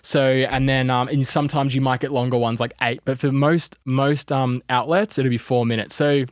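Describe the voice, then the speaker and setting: An Australian man talks through a casual podcast story in a mid-pitched voice. He rambles, with plenty of fillers along the way. He is recorded close and dry, with no room sound. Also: steady tone, moderate pace, no echo. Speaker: entertainment reporter guest.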